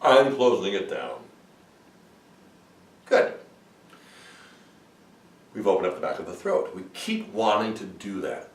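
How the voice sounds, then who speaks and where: A man teaching vocal warm-up exercises as a voice coach and demonstrating the sounds himself. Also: roomy sound, distant mic. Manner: demonstrates sung vocal exercises, swooping high to low.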